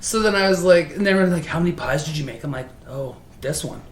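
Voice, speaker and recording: A woman's voice: fairly low pitch, quick pace, echoey room. A woman guest on a podcast, telling stories in casual chat, swearing freely and laughing as she talks.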